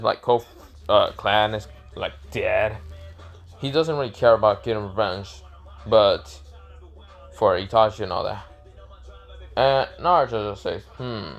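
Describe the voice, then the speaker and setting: A man's voice: lowish voice, gravelly. A young man casually telling an improvised fan story, rambling and correcting himself with many fillers.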